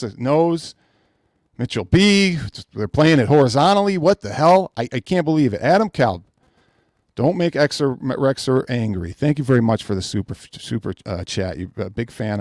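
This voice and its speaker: Man, podcast host, exasperated live-stream rant, lively swooping pitch, dry close sound. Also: no room sound. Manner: exasperated, repetitive, reads chat names aloud.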